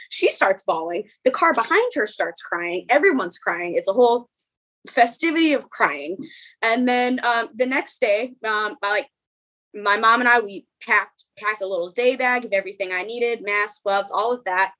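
A young woman, a podcast guest, telling a story in a rapid, emotional way, with many ums and quoted dialogue. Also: fairly high pitch, animated, a bit bright, low-quality recording.

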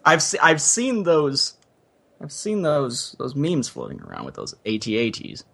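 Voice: mid-range voice, sing-song, measured pace, gravelly, a bit bright, slightly rough. A podcast co-host in casual chat, joking and playful.

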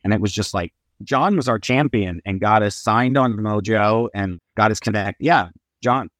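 A middle-aged man in casual podcast chat, a lively storyteller who acts out the voices of people he quotes. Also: medium pitch, moderate pace, no echo, studio quality. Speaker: guest musician.

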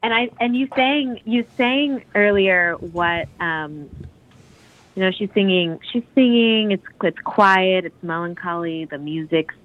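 A woman's voice: medium pitch, measured pace. A woman on a podcast, chatting casually and enthusiastically about a song, full of restarts and fillers. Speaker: podcast co-host discussing a song. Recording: dull lo-fi podcast audio.

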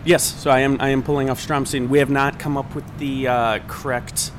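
A man's voice: medium pitch, level tone, moderate pace, noisy background. A man co-hosting a podcast in casual banter, rambling and joking, with many "like"s. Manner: rambling, jokey, heavy on "like". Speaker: podcast co-host.

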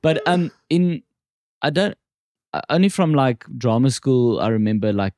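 Mellow-voiced South African host. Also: male voice, mid-range voice, animated, moderate pace, no echo, studio quality. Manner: probing, hesitant, restarts often. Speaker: podcast host. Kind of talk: casual interview.

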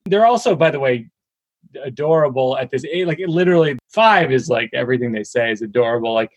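A man's voice: medium pitch, expressive, fast, no echo. Joking man, dry close sound. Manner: chatty, joking, self-deprecating. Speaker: comedian guest. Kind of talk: casual interview chat.

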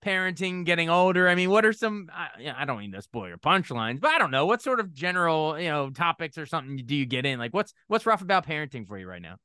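Male radio reporter host, bright clear voice, quick delivery. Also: on the high side, big pitch swings, no echo, studio quality. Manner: eager, laughs easily. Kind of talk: casual interview.

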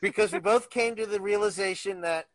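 A man's voice: sits high, brisk. A man co-hosting a podcast, telling rambling, laughing anecdotes in casual chat. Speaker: podcast co-host.

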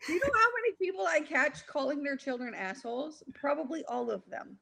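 A woman's voice: high voice, lively intonation, brisk, creaky, bright, forceful tone. A woman in her thirties, a stand-up comedian, chatting casually with brash, profane humor and frequent laughter. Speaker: comedian guest. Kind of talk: casual podcast chat.

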